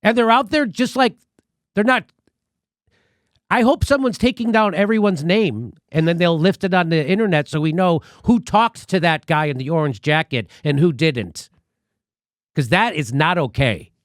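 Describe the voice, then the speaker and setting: A man's voice: high voice, normal speed, no echo, studio quality. A man hosting a comic political commentary show, ranting sarcastically and swearing often. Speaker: host.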